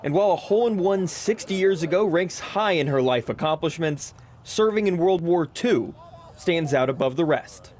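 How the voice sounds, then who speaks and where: A young man reporting sports news for local television in an upbeat, crisp delivery. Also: a little high, lively intonation, normal speed, a little mellow.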